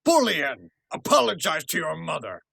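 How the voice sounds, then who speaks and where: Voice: mid-range voice, sing-song, normal speed, vocal fry, fairly bright tone, full character voice. A young actor doing a blustering rich father. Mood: gruff. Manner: blustering, stammering, snaps then coos. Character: rich, forgetful old father, gruff and doting. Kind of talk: school play over video call.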